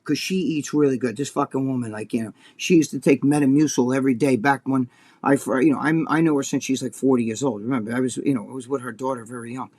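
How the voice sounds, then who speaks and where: A man's voice: mid-range voice, fast talker, darkish tone. A man co-hosting a casual chat show, telling a long, rambling story full of swearing. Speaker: co-host.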